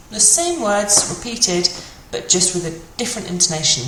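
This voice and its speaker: A woman's voice: medium pitch, sing-song, fairly bright tone. Chatty woman teaching basic French. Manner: chatty, with fillers, repeats example phrases slowly. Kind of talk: casual spoken language lesson. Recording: echoey room with faint ambient noise.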